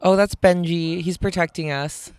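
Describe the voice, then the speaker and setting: A woman's voice: lowish voice, fairly even intonation, normal speed, a little mellow, slight background noise. A woman and comedian co-hosting a podcast in casual chat, laughing often and poking fun at herself. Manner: chatty, laughs often, self-mocking.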